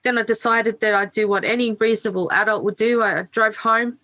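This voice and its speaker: Middle-aged woman, bright forceful voice, frank and candid, swears freely, interview storytelling. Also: fairly high pitch, steady tone, fairly quick. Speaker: podcast guest.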